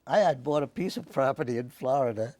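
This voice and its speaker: A man, telling his life story in a rambling, halting way in an oral history interview. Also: medium pitch, dark tone, no room sound. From Staten Island, New York. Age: 90s. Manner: rambling, halting, with many restarts. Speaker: interviewee, WWII veteran.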